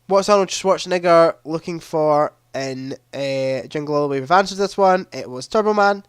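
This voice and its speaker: A man's voice: fairly high pitch, normal speed, smooth, no echo, clean studio sound. A young man hosting a live-streamed quiz, chatting casually into a headset mic and reading questions aloud with a ready laugh. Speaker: livestream quiz host.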